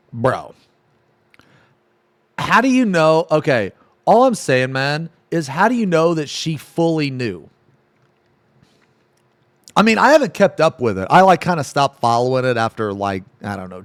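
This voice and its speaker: Male streamer chatting to chat, animated voice, dry close sound. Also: medium pitch, no echo. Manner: rambling, filler-heavy, talks to chat. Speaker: streamer reacting to videos. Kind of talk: casual live-stream chat.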